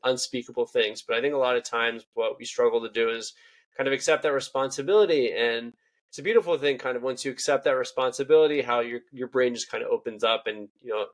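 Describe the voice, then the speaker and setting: Quick, rambling young male podcast host, mid-pitched. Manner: chatty, rambling, lots of "you know". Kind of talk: casual interview talk.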